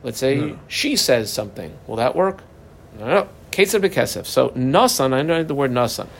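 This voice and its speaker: A man teaching a Talmud passage line by line, animated and jumping up in pitch for emphasis. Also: normal speed, vocal fry. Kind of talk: explaining a text line by line.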